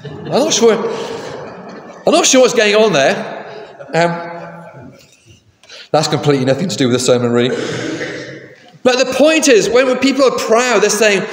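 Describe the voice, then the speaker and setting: A man's voice: high-pitched, sing-song, a little slow, pauses often. A man preaching a sermon in a conversational way, asking the congregation questions. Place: large church. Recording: echoey church with long reverb.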